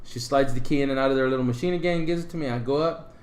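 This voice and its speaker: A man's voice: medium pitch, rapid-fire. Man telling a rambling story, roomy sound. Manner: rambling, animated retelling with filler words. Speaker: podcast co-host. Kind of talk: casual storytelling. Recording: roomy echo.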